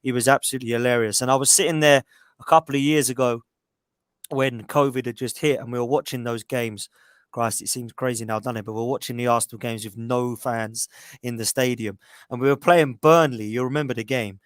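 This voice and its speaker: A man's voice: medium pitch, steady tone, brisk, smooth, no echo. A man guesting on a casual podcast reminisces fondly, laughing as he goes and circling back over his words. His voice sits in a middle register. The sound is dry and close. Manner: warm reminiscing, laughs, repeats himself.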